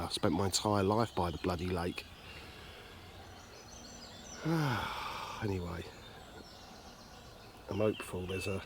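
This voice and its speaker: A man's voice: lowish voice, a little mellow, a little hiss or hum. A man chatting casually and joking about himself while carp fishing outdoors, filming on a handheld camcorder. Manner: chatty, jokey, self-mocking. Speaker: carp angler vlogger. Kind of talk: casual outdoor vlog chat. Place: outdoors by a lake.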